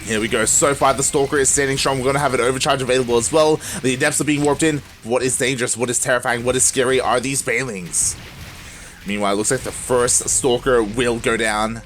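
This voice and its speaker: A man casting a live strategy game tournament, moving from calm play-by-play to loud shouting, laughing often and talking in casual slang. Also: medium pitch, fairly quick, faint music behind. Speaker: esports caster.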